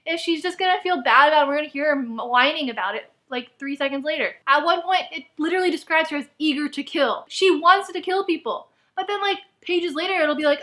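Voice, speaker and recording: A woman's voice: high voice, fast, bright, forceful tone. A woman ranting in a book review vlog, exasperated and full of "like.". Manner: exasperated, heavy use of "like".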